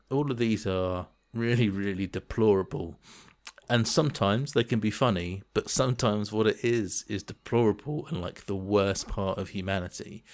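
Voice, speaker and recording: A man in casual chat as a co-host, talking earnestly in long, searching sentences. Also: on the low side. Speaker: podcast co-host.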